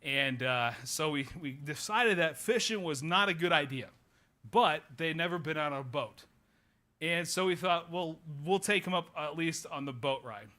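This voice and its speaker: Oklahoma pastor, thirties, bright voice, a touch high, folksy rambling storyteller. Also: male voice, animated, normal speed. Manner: folksy, rambling anecdote with many fillers. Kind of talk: sermon storytelling. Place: church sanctuary.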